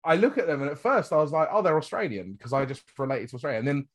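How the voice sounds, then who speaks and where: A man's voice: fairly high pitch, big pitch swings, rapid-fire. A British man chatting casually as a podcast co-host, rambling and laughing often at himself. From Britain. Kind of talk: casual chat.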